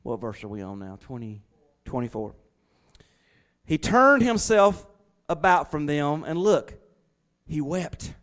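A man preaching a sermon to his congregation, swinging from loud emphatic lines to quiet, hushed asides. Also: fairly high pitch, sing-song, takes it slowly, long pauses. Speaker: pastor.

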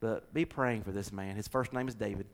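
A middle-aged man with a Southern US accent, a pastor chatting casually and telling a story with animated delivery and repeated words. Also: lowish voice, a little fast, creaky. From American South. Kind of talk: casual chat with co-hosts.

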